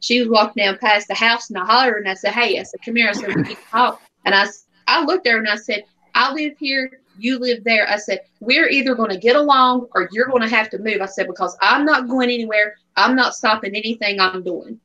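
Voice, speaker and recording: Bright, animated woman telling stories. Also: fairly high pitch, a little fast, lo-fi sound. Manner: animated, acts out quoted dialogue. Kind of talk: casual storytelling chat.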